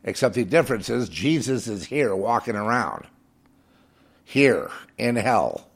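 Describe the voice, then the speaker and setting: A man's voice: medium pitch, sing-song, a little slow, creaky, breathy edge. A man preaching on air in a fervent, scornful monologue, hammering points home by repeating phrases. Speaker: radio preacher.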